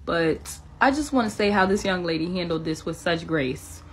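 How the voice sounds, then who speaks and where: A woman's voice: fairly low pitch, animated, moderate pace, breathy edge. A woman giving a comedic reaction rant, sassy, profane and mocking. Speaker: commentator.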